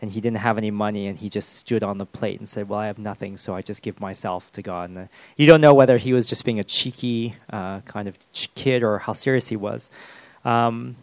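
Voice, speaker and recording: A man preaching a sermon, talking in a halting way with lots of fillers and restarts. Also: on the low side, steady tone, no room sound. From the West. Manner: hesitant, with many fillers and restarts.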